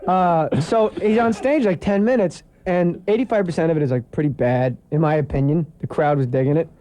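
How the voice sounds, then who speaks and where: A man from New Jersey talks on a radio show in a high, mellow voice. He tells stories with animated, joking banter. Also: brisk. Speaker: comedian guest. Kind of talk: radio talk, storytelling.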